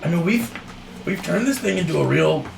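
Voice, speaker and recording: Young male player, gravelly, easy banter, far off in a roomy, noisy room. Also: a little high, lively intonation, fairly quick. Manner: laughing, easygoing banter. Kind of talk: casual chat at a game table. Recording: roomy, distant mic with noise.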